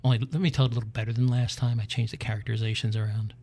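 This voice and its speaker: A middle-aged man at an ordinary mid-range pitch, ranting emphatically on his own show. He wanders into wry asides and then pushes his point home. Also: little pitch movement, very fast, a little mellow, husky. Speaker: podcast host. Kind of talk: opinion rant monologue.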